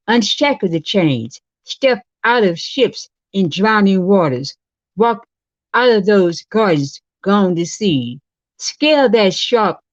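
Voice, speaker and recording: A woman's voice: medium pitch, dry recording. Woman reciting spoken-word poetry. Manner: earnest, dramatic recital. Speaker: poet guest. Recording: dull, dry video-call audio.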